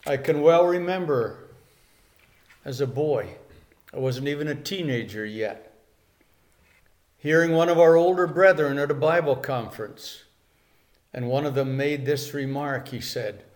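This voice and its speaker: A man's voice: a little high, measured pace, long pauses, darkish tone. An older man preaching a sermon in an earnest way, repeating key phrases for emphasis.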